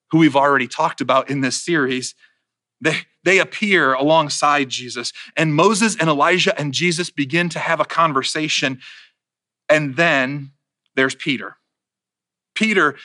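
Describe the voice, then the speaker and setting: A man's voice: fairly high pitch, sharp tone, no echo, studio quality. A man preaching a sermon in a conversational way, checking in with his listeners as he retells stories.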